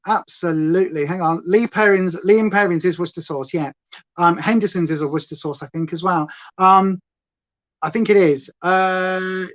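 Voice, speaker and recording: A woman hosting a chatty makeup livestream, rambling playfully and reading chat aloud. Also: lowish voice. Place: at home. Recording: slightly dull lo-fi sound.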